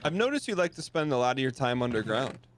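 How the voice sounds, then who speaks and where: Man from Michigan, mid-pitched, casual chat, keeps asking questions. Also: sing-song, quick pace, a little hiss or hum. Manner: curious, asks many questions.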